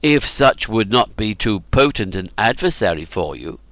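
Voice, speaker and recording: A man's voice: on the low side, big pitch swings, moderate pace, fairly bright tone, no room sound. A man voicing a wry captive warrior in an audiobook, answering in a dry, understated way. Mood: wry calm.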